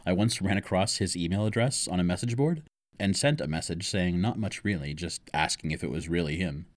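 A man's voice: sits low, fairly quick, no echo, clean studio sound. A man introducing a story reading as host, speaking as an enthusiastic fan. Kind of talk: scripted introduction.

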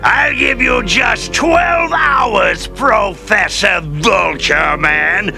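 An actor playing an arrogant, commanding villain sorcerer in a cartoon, with a gravelly voice that barks orders. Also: male voice, high-pitched, expressive, drawn-out words, exaggerated voice. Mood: menacing. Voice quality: gravelly, shouting. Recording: clip played with music behind.

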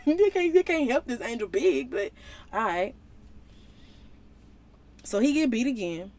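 A woman giving a casual, slangy Bible lesson in an animated way, slipping into playful voices. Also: fairly high pitch, a little slow, long pauses. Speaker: Bible teacher.

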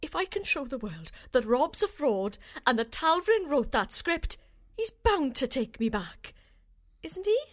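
An earnest, determined woman pleads her case in a radio sitcom. Her voice sits high and carries a hopeful, pleading tone. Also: very animated, measured pace. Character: determined, anxious woman seeking justice.

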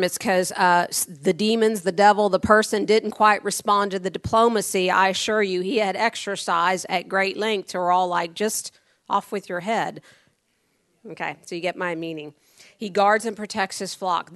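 A woman's voice: medium pitch, fairly bright tone, no room sound. A woman from Tampa, Florida, preaching a sermon, a pastor telling rambling personal stories with firm, blunt dry humor. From Tampa, Florida, USA.

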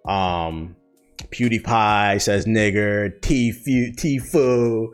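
A man's voice: on the low side, expressive, a little fast, soft background music. A young man, a streamer, ranting casually and bluntly with lots of profanity while answering viewer questions. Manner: profane, blunt, heated storytelling. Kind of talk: casual rant.

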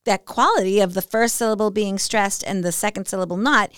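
A woman's voice: mid-range voice, brisk, smooth, dry recording, clean studio sound. A middle-aged woman co-hosting a casual chat about hymns, playful and joking as she talks. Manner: playful, jokey. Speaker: podcast co-host.

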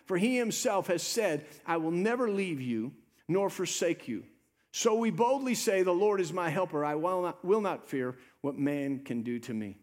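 A man with a high voice preaches a sermon from the pulpit. He swells into emphatic, rising phrases, then drops low and soft to drive a point home. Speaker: pastor.

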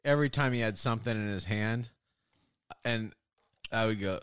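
A man guesting on a podcast in casual chat, giving low-key replies and now and then slipping into mock voices. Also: normal speed, a bit bright, clean tone, no echo, clean studio sound.

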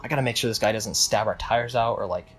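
A man's voice: fairly low pitch, fast, fairly bright tone, slightly rough, soft background music. A young man casually telling a long story with many restarts, acting out what people said. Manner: rambling with restarts, acts out quotes.

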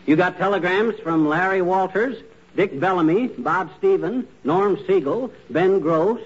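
An actor playing a middle-aged husband who fakes an injury to dodge chores, groaning and complaining in 1940s radio acting style. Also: male voice, sits high, a little slow, breathy edge. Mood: reading out. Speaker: sitcom lead. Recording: dull old radio broadcast with studio audience.

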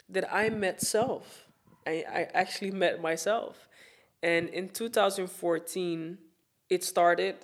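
Woman, vocal fry, earnest, reflective, heartfelt talk with pauses. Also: fairly low pitch. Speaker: host sharing a Women's Day message. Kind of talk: heartfelt personal talk and reading.

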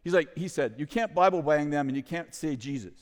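A middle-aged man telling a story to an audience in a lively way, with loud bursts, acted quotes and chuckling asides. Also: fairly high pitch, fairly quick. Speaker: ministry leader telling a story. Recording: long hall reverb.

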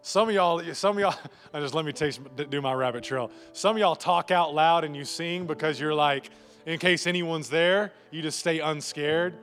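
A man's voice: a little high, normal speed, fairly bright tone, faint music behind. A male pastor preaching a live sermon in church, joking and asking the congregation rhetorical questions. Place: church sanctuary before a congregation.

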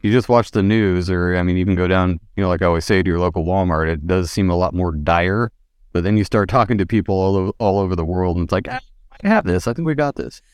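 A man's voice: low voice, steady tone, quick pace, a little mellow, clear, resonant tone, dry recording, clean studio sound. A man from Northern California, a podcast host, chatting casually with guests and joking and swearing. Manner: laid-back, swearing, joking.

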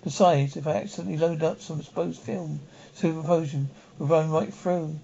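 An actor playing an affectionate photographer husband, from a 1960s television drama. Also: male voice, fairly high pitch, fairly even intonation, fairly quick, creaky, dark tone. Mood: puzzled. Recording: dull 1960s television soundtrack.

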